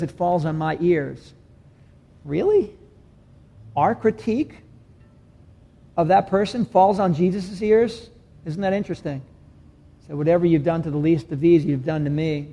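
A man's voice: fairly high pitch, warm tone. A man preaching a sermon as pastor, earnest and repeating key phrases for emphasis. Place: church sanctuary.

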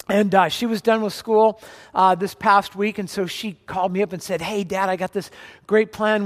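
A man in his forties preaches to his congregation in a relaxed, conversational way, slipping jokes into his stories. His voice sits high for a man. The sound carries the long reverb of a large hall. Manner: conversational, joking storyteller. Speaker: pastor. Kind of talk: sermon.

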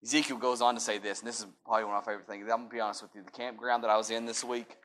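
A man preaching a sermon, moving from conversational talk to loud, fervent preaching. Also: on the low side, steady tone, rapid-fire. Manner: builds from conversational to shouted preaching. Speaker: pastor. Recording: music playing underneath.

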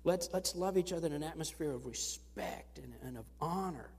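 Pastor, male, slightly high voice, earnest sermon delivery, long church hall reverb. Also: brisk, creaky, husky. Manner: earnest, storytelling with lively rises. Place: church sanctuary.

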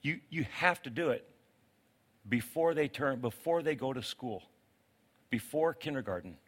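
Animated male pastor preaching a sermon. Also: medium pitch, unhurried, husky. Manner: animated preaching, swings from loud outbursts to quiet pleading. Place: church sanctuary with congregation.

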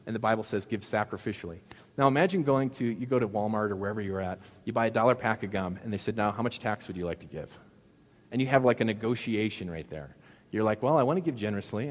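A middle-aged male pastor delivers a relaxed, humorous sermon, talking with the congregation and tossing rhetorical questions at them. His voice sits low. It rings out with a long reverb from a large church hall. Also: fast. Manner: conversational, jokey preaching with rhetorical questions. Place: church sanctuary.

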